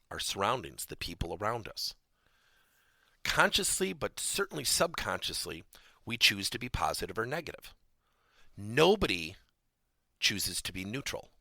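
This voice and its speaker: Man, podcast coaching lesson, animated pitch, bright forceful tone, emphatic, dry close sound. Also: gravelly, no room sound. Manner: animated, emphatic, acts out example dialogues. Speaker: podcast host and coaching trainer.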